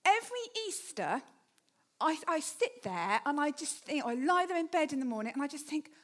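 A woman's voice: sits high, sing-song, normal speed. A woman giving a chatty, humorous sermon, often putting questions to the congregation. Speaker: preacher.

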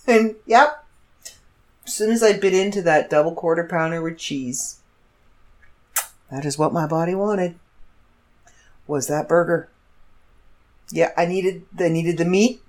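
A woman podcast host telling a funny personal story in a casual monologue, animated and often laughing. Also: deep voice.

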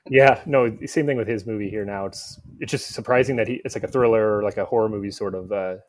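Low-voiced guy critic talking films, rambly, says like a lot, casual podcast chat. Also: fast. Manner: rambling, lots of "like" and "uh" fillers. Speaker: film critic, guest correspondent.

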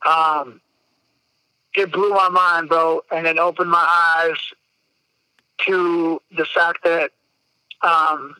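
A man's voice: a little high, bright, forceful tone, clean tone, no room sound, poor audio. A man, telling a personal story on a podcast in a candid, emotional way, swearing freely. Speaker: podcast guest. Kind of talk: casual storytelling.

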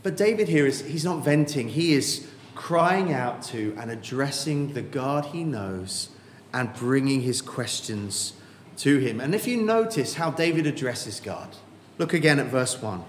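A man preaching a sermon, earnest and emphatic, slowing down with dramatic pauses on key words. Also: medium pitch, expressive, a little hiss or hum. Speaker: pastor. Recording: echoey hall with faint ambience.

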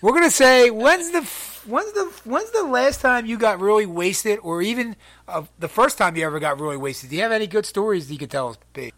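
A man's voice: sits high, lively intonation, fairly quick, fairly bright tone. A man hosting a podcast in casual chat, crude and joking, a little tipsy and laughing often. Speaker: podcast host.

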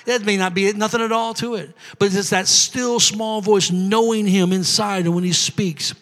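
A man preaching a sermon, building from quiet storytelling to shouted prophecy over the congregation. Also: sits high, fairly even intonation, moderate pace, big-room sound. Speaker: pastor.

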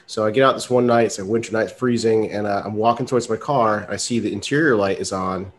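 A man's voice: fairly low pitch, fast talker, slight background noise. A man co-hosting a podcast, casually telling a story with fillers and frequent laughs. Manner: loose storyteller, laughs often, many fillers. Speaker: podcast co-host.

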